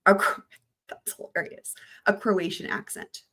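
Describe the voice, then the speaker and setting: A woman's voice: a little slow, bright, forceful tone. A woman hosting a true crime live stream, chatting loosely with her viewers in a rambling, casual way.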